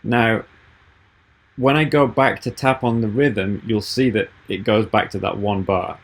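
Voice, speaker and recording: A man giving a software tutorial over a video call, explaining each step patiently. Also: on the low side, fairly even intonation, measured pace, vocal fry. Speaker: app developer giving a tutorial.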